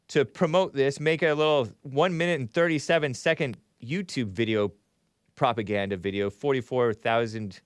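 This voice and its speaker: A man's voice: mid-range voice, no echo, clean studio sound. A male show host giving rambling, sarcastic commentary, chuckling between remarks as he reads from a chat.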